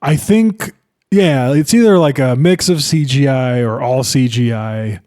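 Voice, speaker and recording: On a podcast, a young co-host talks loosely and profanely about a film, speaking a little slowly in a mid-range, slightly mellow voice.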